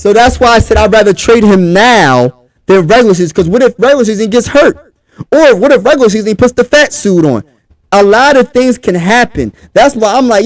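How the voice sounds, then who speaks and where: A man's voice: high voice, animated, normal speed, dry recording. A man from Pennsylvania, hosting a casual livestream sports talk show and talking straight to his chat in a hyped way.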